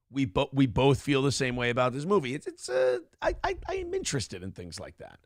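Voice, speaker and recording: Gravelly profane man hosting a morning show. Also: mid-range voice, fairly quick, hardly any pauses, no room sound, clean studio sound. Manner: profane, animated, self-deprecating. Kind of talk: casual podcast rant and chat. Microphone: headphones and clamp-mounted desk microphone.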